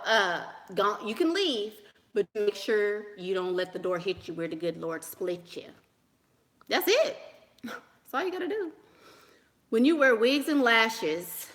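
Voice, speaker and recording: Her voice is mid-range, bright and forceful as she answers dating questions from viewers. Sassy and dismissive, she laughs a lot, repeats lines to drive them home, and sprinkles in plenty of "honey" and "girl" during this casual advice talk.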